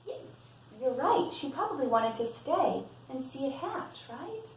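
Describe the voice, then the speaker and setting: Woman, preschool teacher, storytime voice, lively high pitch, echoey room, distant mic. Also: unhurried, slight background noise. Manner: animated, sing-song questions to children. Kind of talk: storytime read-aloud to young children.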